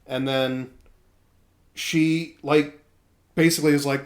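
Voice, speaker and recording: Speaking slowly and pausing often, this man has a medium-pitched voice. As a podcast co-host in casual chat, he recaps a manga with animated retelling, dropping into quoted voices as he goes.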